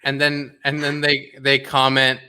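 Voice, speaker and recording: A young man hosting a casual livestream watch party, talking in an animated, rambling way full of fillers and restarts. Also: mid-range voice, measured pace, noisy background.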